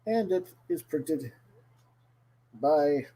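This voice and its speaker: A male host chatting casually about his week's comic book haul in a deliberately bad, exaggerated put-on Irish accent, with frequent "mm-hmm" fillers. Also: on the high side, expressive, mellow, breathy edge, poor audio.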